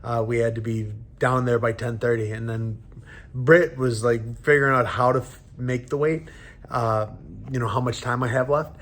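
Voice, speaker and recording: A man in his thirties, a professional fighter, telling a story casually in a halting way and acting out the lines of the people in it. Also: medium pitch, steady tone, a bit bright. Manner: halting retelling, acting out quoted dialogue.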